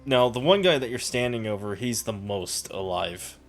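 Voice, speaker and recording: A man's voice: lowish voice, expressive, normal speed, soft background music. A man narrating a tabletop role-playing game as game master, in a loose, rambling way with fillers.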